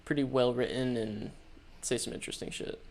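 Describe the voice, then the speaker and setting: A man's voice: mid-range voice, fairly even intonation, fairly quick, darkish tone, a little hiss or hum. A young man guesting on a podcast, laid-back and joking in casual chat.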